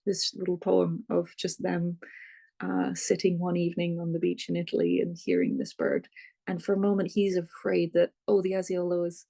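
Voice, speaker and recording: An author talking thoughtfully about their novel in an interview, often pausing to search for words. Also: mid-range voice, creaky, dark tone. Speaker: author, guest. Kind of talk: reflective interview talk.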